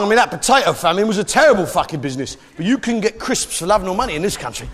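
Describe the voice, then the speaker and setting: Brash, high-pitched stand-up comedian. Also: male voice, heavy background noise. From Britain. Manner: brash, swaggering, mock-patriotic. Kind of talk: stand-up routine.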